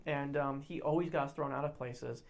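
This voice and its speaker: A young woman co-hosting a podcast, telling a story in casual chat, animated and acting out other people's lines, with many fillers and restarts. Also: rumbling low, fairly quick. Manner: animated, acts out quoted voices loudly. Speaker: podcast co-host.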